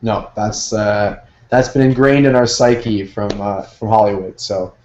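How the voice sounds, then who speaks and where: Man, mellow warm tone, casual podcast banter, speculative and jokey, muffled lo-fi audio. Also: on the low side, unhurried, slight background noise. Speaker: podcast co-host. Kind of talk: casual recap chat. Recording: dull lo-fi sound.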